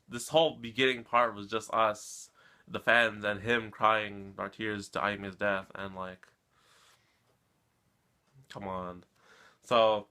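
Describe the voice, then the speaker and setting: A man with a bright, sharp-edged voice talks through an anime episode for his channel's viewers. His delivery is casual and rambling, full of emotional asides as he keeps calling out to the audience. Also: fairly low pitch. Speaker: anime reaction channel host. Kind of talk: casual episode reaction and recap.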